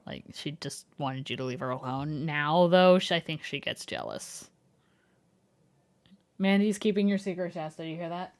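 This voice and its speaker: A young woman streamer in casual livestream chat at home, laughing often and talking in a soft, coaxing way. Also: low voice, moderate pace. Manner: giggly, laughs often between sentences; soft, coaxing voice when calling her dog. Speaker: live streamer.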